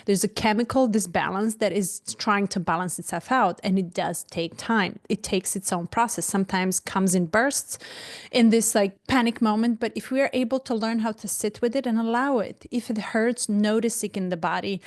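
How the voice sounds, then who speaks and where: Calm, thoughtful woman podcast host. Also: medium pitch. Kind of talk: reflective conversational interview.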